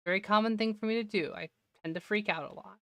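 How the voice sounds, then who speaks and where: A woman's voice: mid-range voice, quick pace, fairly bright tone, no echo. A woman streamer giving casual gameplay commentary, talking to herself and laughing often, her voice slightly worn. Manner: chatty self-talk, laughs often.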